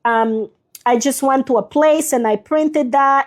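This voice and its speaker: A woman's voice: high voice, unhurried. A woman hosting a live journaling stream, chatting casually as she shows her pages and answers viewers by name, a little sniffly. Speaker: journaling livestream host. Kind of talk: casual live craft demonstration.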